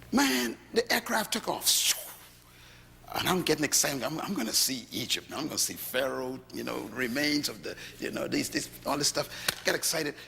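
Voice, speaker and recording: Animated Bahamian preacher man. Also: medium pitch, gravelly, in a large hall, a little hiss or hum. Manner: animated storytelling, rising to shouts. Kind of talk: sermon. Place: large hall before a congregation.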